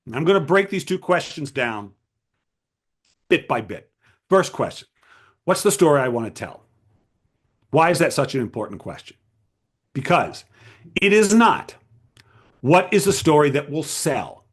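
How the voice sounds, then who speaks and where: A man lecturing a writers' group with a high, lively voice that swings widely in pitch. He speaks emphatically, posing rhetorical questions and repeating key phrases. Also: measured pace, long pauses, husky. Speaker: writing coach giving a talk.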